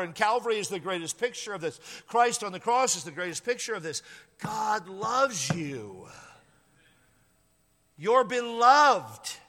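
A middle-aged man preaches with a high, bright voice, repeating phrases and drawing out words for emphasis. His voice echoes through a church sanctuary with a long, lingering reverb. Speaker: pastor. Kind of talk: sermon.

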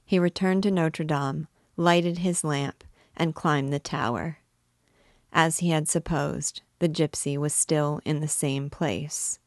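Slow, low-voiced woman reading a classic. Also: no room sound, clean studio sound. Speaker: reader and guide of a book series. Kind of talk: literary read-aloud narration.

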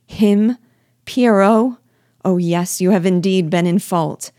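A woman's voice: on the low side, little pitch movement, moderate pace, warm tone, dry recording, clean studio sound, lightly acted. A woman reading aloud voices a young bride, raising her voice into breathless, emotional exclamations. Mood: fervent.

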